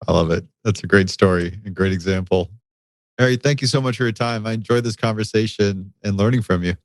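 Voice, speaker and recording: A man hosting a podcast interview, asking questions and wrapping up in a brisk, appreciative way. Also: on the low side, no room sound. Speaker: podcast host.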